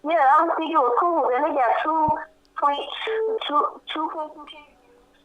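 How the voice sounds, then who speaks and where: A man's voice: very high-pitched, animated, unhurried, rough recording. A young man hosting a casual chat, rambling with many restarts and frequent laughs. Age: young adult. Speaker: channel host.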